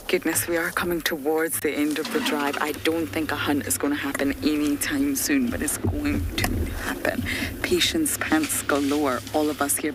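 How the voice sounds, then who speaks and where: Lady guide on a live game drive, low voice, hushed and giggly, clear outdoor noise around. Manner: often hushed to a whisper, laughs often. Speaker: safari guide. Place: outdoors in the bush, in a vehicle. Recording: outdoor bush noise behind.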